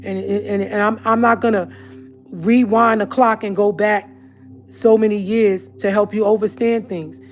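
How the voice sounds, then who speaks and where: A woman's voice: medium pitch, steady tone, measured pace, soft background music. A woman hosting her own channel, ranting in a heated, confrontational monologue to her viewers. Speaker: channel host. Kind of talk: ranting live-stream monologue.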